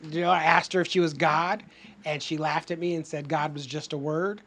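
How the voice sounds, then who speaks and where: A man telling a story in a casual podcast chat, animated and swearing freely as he acts out what people said. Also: on the high side, brisk.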